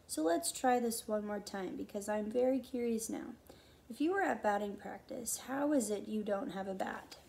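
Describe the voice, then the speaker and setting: A woman voicing a gruff, suspicious one-legged farm woman who questions a boy in blunt, teasing bursts. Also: mid-range voice, normal speed, darkish tone, a little hiss or hum, lightly acted, low-quality recording. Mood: interrogating.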